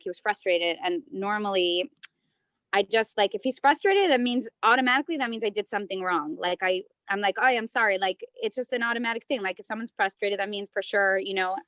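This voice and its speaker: A married woman student telling a story from home in a class over a video call, animated with many restarts. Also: medium pitch, a little fast, dry recording. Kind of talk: sharing in a class discussion.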